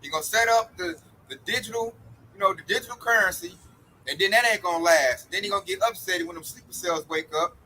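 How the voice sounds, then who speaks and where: Emphatic high-voiced street preacher man. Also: fast talker, bright, forceful tone, a little hiss or hum, rough recording.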